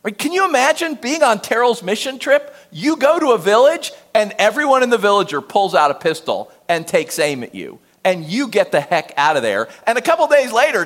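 Lively, high-voiced male preacher. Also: moderate pace, few pauses. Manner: animated, emphatic, conversational with frequent rhetorical asides. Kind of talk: sermon.

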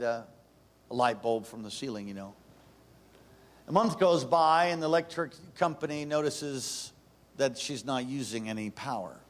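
Intense middle-aged male preacher with a high, bright voice, animated storytelling sermon.

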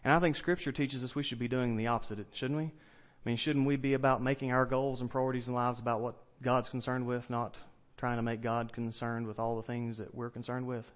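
A man's voice: medium pitch, little pitch movement, fairly quick, hardly any pauses. A pastor with an East Tennessee Southern accent, preaching a casual, story-driven sermon and putting questions to his congregation. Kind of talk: conversational sermon. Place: church sanctuary. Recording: dull lo-fi church recording.

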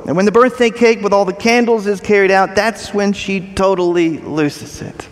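A male preacher telling a story in a sermon with animated, dramatic delivery. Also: high-pitched, normal speed, big-room sound.

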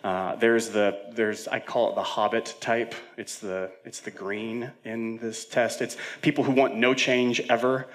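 A man's voice: mid-range voice, little pitch movement, a little slow, few pauses. A male senior pastor preaching a sermon in a conversational way, with frequent fillers and self-corrections.

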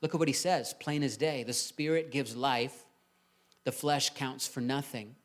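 A man's voice: medium pitch, fairly even intonation, unhurried. Man preaching a conversational sermon. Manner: conversational preaching, rhetorical questions to the congregation. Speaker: pastor. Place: church.

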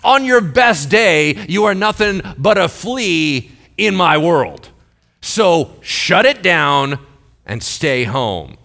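A man's voice: high voice, big pitch swings, takes it slowly, gravelly, sharp tone, pitched above the performer's own voice, exaggerated voice. A pastor acting out a boastful, mighty ancient king who mocks and threatens a weaker rival. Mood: mocking threat. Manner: taunting and swaggering.

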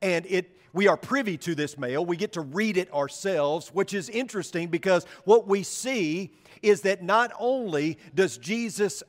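Man preaching in a reverberant hall. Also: high-pitched. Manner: conversational preaching, asks the congregation questions. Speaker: pastor. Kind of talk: sermon.

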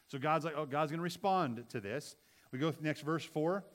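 A man's voice: on the high side, a little fast, a bit bright. A man preaching a sermon in a church, conversational, with many restarts and rhetorical questions. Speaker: pastor. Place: church sanctuary.

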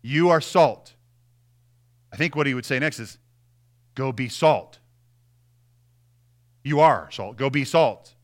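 A man's voice: mid-range voice, expressive, normal speed. A man preaching a sermon, emphatic and direct, repeating key phrases and speaking straight to the congregation.

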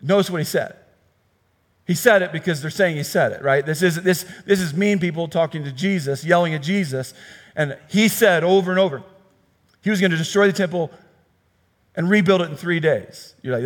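A man delivers a sermon in a casual, conversational way. His voice sits a little on the high side. He swings between sudden loud outbursts and hushed, low scripture reading. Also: brisk, long reverb tail. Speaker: pastor.

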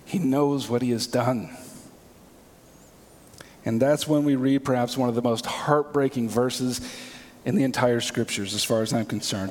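A man's voice: medium pitch, fairly even intonation, unhurried, long pauses. Man preaching in a reverberant hall. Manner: dramatic, swings from hushed to emphatic. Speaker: pastor. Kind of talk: sermon.

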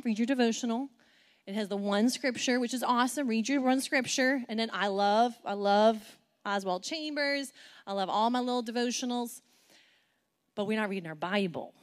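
A woman preaching a sermon to an audience in a lively, playful way, asking them many questions and acting out quotes with big jumps in pitch and volume.

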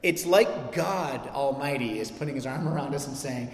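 A man preaching a sermon in a church, lively and acting out the voices he quotes. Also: medium pitch, moderate pace, few pauses. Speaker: pastor. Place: church sanctuary. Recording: echoey hall with long reverb.

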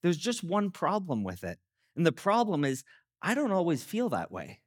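A man's voice: a little high, huge pitch swings, moderate pace, no room sound, studio quality. A man in his thirties preaching a sermon as pastor, conversational and self-deprecating, telling stories from family life.

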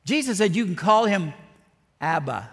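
A man's voice: a little high, lively intonation, moderate pace, a bit bright. Man preaching in a reverberant hall. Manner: dramatic emphatic preaching, repeats words. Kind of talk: sermon. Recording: long reverb of a large hall.

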